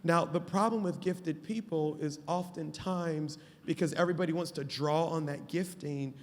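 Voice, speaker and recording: Man, pastor, fairly high voice, emphatic preaching cadence, long hall reverb. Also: fairly even intonation, moderate pace. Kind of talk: live panel discussion. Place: conference stage before a live audience.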